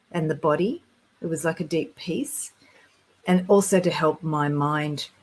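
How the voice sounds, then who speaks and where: A woman with a fairly low voice tells her stories in a relaxed, rambling way. She sounds earnest and gets excited easily, and her sentences often restart mid-thought. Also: low-quality recording. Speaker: guest sharing spiritual experiences. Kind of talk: casual conversation.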